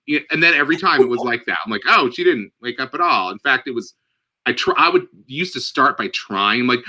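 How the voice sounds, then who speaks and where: Man, podcast co-host, casual movie chat, very bright tone, lively swinging pitch, playful impressions. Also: brisk. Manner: animated, acts out lines from the film in put-on voices.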